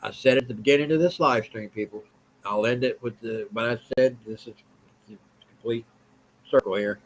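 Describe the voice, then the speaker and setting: A live-stream host talks at a moderate pace in a mid-range voice, and the audio is poor. Blunt and repetitive, he keeps reading the chat and responding to viewers' comments along the way.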